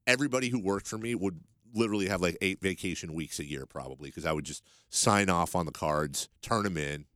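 A man's voice: low-pitched, fairly quick, no room sound, studio quality. A man hosting a sports radio show, telling stories and joking with his co-hosts. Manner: jokey, animated storyteller. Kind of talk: casual sports radio banter.

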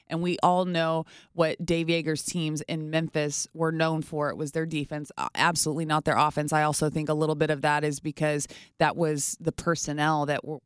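Smooth-voiced woman sports radio co-host. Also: deep voice, no room sound, clean studio sound. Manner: measured, analytical, agreeable. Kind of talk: sports radio talk show. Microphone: studio microphone.

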